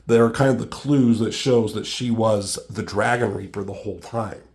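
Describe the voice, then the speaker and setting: A man's voice: lowish voice, normal speed, a little mellow. A young man in casual chat, walking through his own comic book, with many fillers like "like" and "um".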